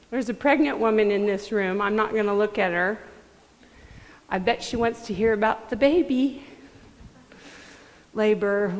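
A woman's voice: mid-range voice, a little slow. A middle-aged woman preaching a sermon in a conversational way, acting out quoted voices. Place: church sanctuary. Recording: long hall reverb.

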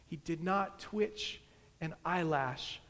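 A male preacher retells a story from the pulpit with dramatic, unhurried delivery. His voice sits high and moves at a slow pace, and it carries a long reverb through a large church. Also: a bit bright. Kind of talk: sermon storytelling.

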